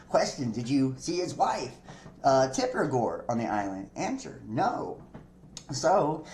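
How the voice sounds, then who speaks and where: A man's voice: medium pitch, darkish tone. A male podcast host reads news aloud in a loose, cursing, conversational way, often chuckling between lines. His voice sits in the middle of the range, and the room gives it a noticeable echo. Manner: profane, chatty, laughs between lines. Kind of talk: reading news aloud with casual commentary. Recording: echoey room.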